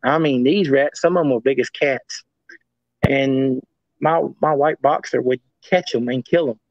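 A man's voice: mid-range voice, measured pace, no echo. A man as a guest, telling stories in a rambling casual way and often repeating himself. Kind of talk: casual storytelling. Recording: dull lo-fi audio.

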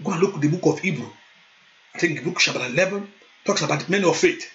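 A male pastor preaching a sermon, moving into loud fervent prayer and speaking in tongues. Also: a little high, lively intonation, fast talker. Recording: dull lo-fi sound.

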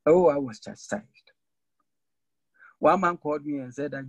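A man preaching a sermon to a church congregation, swinging between raised, pointed lines and sudden low, emphatic drops. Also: measured pace, long pauses, no echo, poor audio. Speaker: Methodist preacher.

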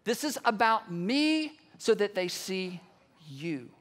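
High, bright-voiced male preacher. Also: big pitch swings, takes it slowly. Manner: earnest, emphatic repetition. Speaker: pastor. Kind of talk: sermon.

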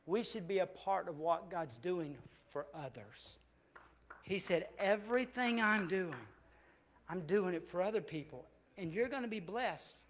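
Man, Southern US accent, pastor preaching a sermon, high voice, emphatic then hushed, soft music behind. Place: church sanctuary.

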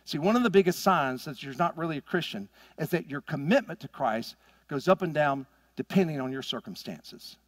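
A middle-aged pastor delivers his sermon with emphatic force, pushing his fairly high voice up into loud peaks before dropping into hushed asides. His voice sits close and dry, with almost no room sound around it. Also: lively intonation, fairly quick, no echo. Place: church sanctuary.

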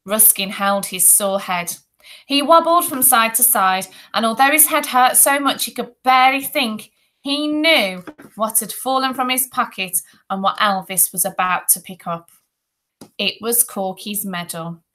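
A woman teacher reading a children's chapter book aloud to her pupils. She takes it slowly and clearly, with a bright, crisp tone and lots of expression. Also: mid-range voice. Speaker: primary school teacher.

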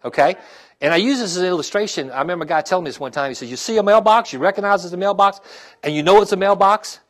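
This middle-aged pastor speaks very fast in a high voice as he preaches, peppering the sermon with "okay?" and "amen?" for the congregation. He lowers into a hushed, sincere tone while describing his own hardships.

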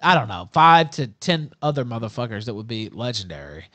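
A man's voice: mid-range voice, very animated, brisk, a bit bright. A man hosting a livestream in casual chat, brash, boastful and crude. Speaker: livestream host.

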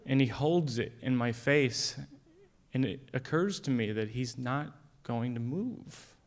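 A man telling a long comic story on stage, with a dry, wry, deadpan delivery. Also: mid-range voice, slow pace. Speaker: comedian. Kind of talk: stand-up storytelling.

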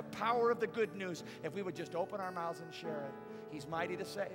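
A man's voice: high voice, fairly quick, big-room sound, music in the background. A man preaching a sermon as pastor, casual and conversational, with playful asides to the congregation. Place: large church auditorium.

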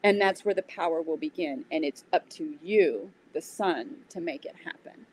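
Woman telling a lively story. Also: deep voice, moderate pace, breathy edge, low-quality recording. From United States. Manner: animated retelling with acted-out quotes. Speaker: interview guest, yoga teacher. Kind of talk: casual storytelling.

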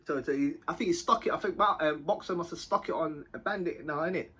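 Husky high-voiced young man. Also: quick pace. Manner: animated, slang-heavy, keeps adding tag questions. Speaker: vlogger telling a prison story. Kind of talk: casual storytelling to camera.

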